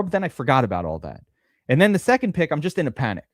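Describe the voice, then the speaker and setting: A man hosting a live-stream fantasy draft, talking in an excitable, rambling way and swearing often. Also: a little high, racing, no room sound, clean studio sound. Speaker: streamer host.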